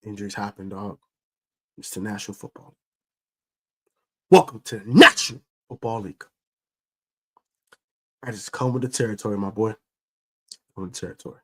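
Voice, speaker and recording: A man hosting a fan sports show, ranting in a casual, slangy, animated way about his team. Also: lowish voice, brisk, pauses often, husky. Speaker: sports podcast host. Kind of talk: casual fan commentary rant.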